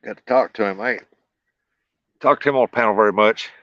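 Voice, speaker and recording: A man's voice: lowish voice, quick pace, no echo. A man, chatting casually with livestream viewers while fishing outdoors by a flooded river levee, folksy and laid-back with frequent chuckles. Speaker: livestream host. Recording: dull lo-fi, dry.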